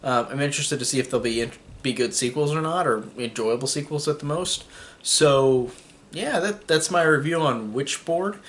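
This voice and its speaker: A man's voice: mid-range voice, normal speed, a bit bright. A young man giving a casual spoken movie review, rambling with many fillers and restarts.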